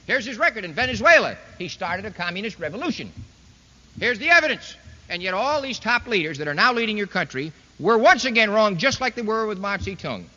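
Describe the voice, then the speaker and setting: A man's voice sits high and sounds pushed and bright as he speaks briskly and with great animation. He's giving a folksy, sarcastic political speech to a live crowd, full of rhetorical questions. It's a dull lo-fi recording with the echo of a hall.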